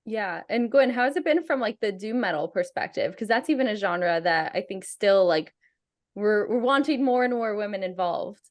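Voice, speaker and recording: A young woman hosts a roundtable chat with a mid-pitched voice. She is enthusiastic and quick to laugh as she passes the word to each guest. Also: expressive. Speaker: podcast host. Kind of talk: hosting a roundtable interview.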